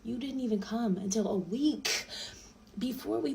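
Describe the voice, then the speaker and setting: A young woman telling a storytime monologue, exasperated and profane, dropping to mutters and rising to shouts, repeating lines for emphasis. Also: on the high side, animated, moderate pace, poor audio.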